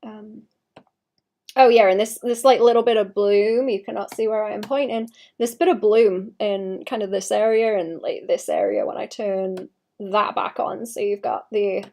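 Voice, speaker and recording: A young woman talks through her painting on a casual livestream, her voice sitting at an ordinary middle pitch. She thinks aloud as she works, trails off mid-sentence, restarts, and mutters little asides to herself. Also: steady tone, normal speed, vocal fry, warm tone. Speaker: streamer painting live.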